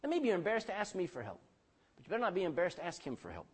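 A pastor preaching a sermon, calling out for amens and dropping between loud bursts and hushed lines. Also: male voice, high voice, wildly swooping pitch, very fast, slightly rough. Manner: calls for amen from the congregation.

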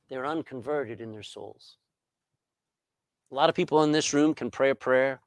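A middle-aged man preaching a sermon, swinging between loud emphasis and hushed asides. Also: on the high side, no room sound, clean studio sound. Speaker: pastor. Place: church sanctuary.

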